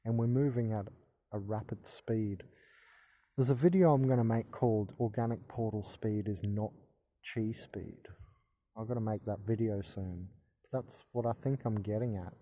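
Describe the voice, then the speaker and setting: This channel host in his thirties gives a loose, rambling monologue to camera, tripping over words and starting sentences again. His fairly low voice is warm and moves at a moderate pace, recorded dry.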